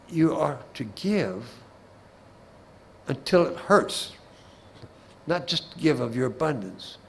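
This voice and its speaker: A man's voice: mid-range voice, creaky, a little hiss or hum, poor audio. A man giving a Bible class talk in a folksy way, with humorous anecdotes and asides, often repeating words as he restarts a phrase.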